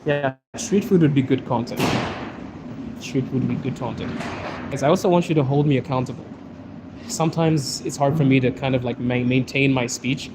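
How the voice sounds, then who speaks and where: A man's voice: medium pitch, moderate pace, background noise. A man hosting a casual outdoor livestream, chatting and joking as he answers viewer questions while walking through a snowy city. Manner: chatty and joking, reading comments aloud. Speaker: livestream host.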